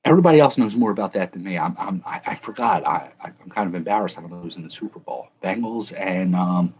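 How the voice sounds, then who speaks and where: A man's voice: sits low, lively intonation, quick pace, darkish tone, slightly rough, dull audio. A man hosting a casual live chat, rambling and correcting himself as he answers viewers. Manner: rambling, self-correcting, chuckling. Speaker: livestream host.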